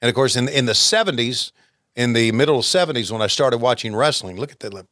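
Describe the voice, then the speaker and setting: A man's voice: mid-range voice, lively intonation, fast talker, fairly bright tone, dry recording, studio quality. A man in his fifties co-hosting a casual chat and reminiscing in an easygoing way. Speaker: podcast co-host.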